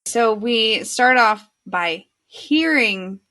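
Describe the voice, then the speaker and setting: A woman's voice: on the high side, lively intonation, very slow, pushed and bright. A woman co-hosting a casual podcast, laid-back, with short agreeing replies and frequent laughter. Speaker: podcast co-host.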